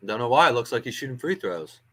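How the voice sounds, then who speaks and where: A man's voice: mid-range voice, big pitch swings, fast, a bit bright. A man hosting a fan watch-along stream, giving casual live play-by-play with chatty asides, frequent ums and uhs.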